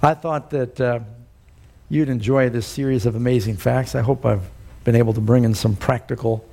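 A man's voice: mid-range voice, steady tone, moderate pace, gravelly, warm tone. A man preaching a sermon, telling a story and putting questions to the congregation. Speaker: pastor.

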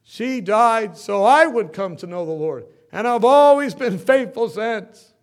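Man, pastor, sermon, high voice, emphatic, loud peaks and hushed stories. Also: animated, unhurried. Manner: emphatic preaching, swinging from loud bursts to soft storytelling.

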